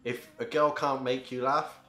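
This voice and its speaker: A man's voice: mid-range voice, little pitch movement, normal speed, pushed and bright. A man from Britain with an English accent, a laid-back, agreeable guest in a casual chat who laughs easily. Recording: echoey room.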